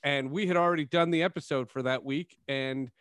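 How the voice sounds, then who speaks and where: A man hosting a sports podcast, telling stories in a casual, animated way and laughing often. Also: on the high side, a little fast, clean tone, no echo, studio quality. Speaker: podcast host.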